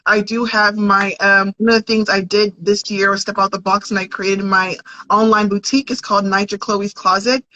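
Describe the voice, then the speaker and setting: A woman's voice: medium pitch, flat delivery, normal speed, pushed and bright, no echo. A woman who grew up in America, a podcast guest talking about her life in an earnest, conversational way. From United States. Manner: earnest, conversational, with false starts. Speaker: podcast guest, content creator. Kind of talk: casual interview chat. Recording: dull, dry audio.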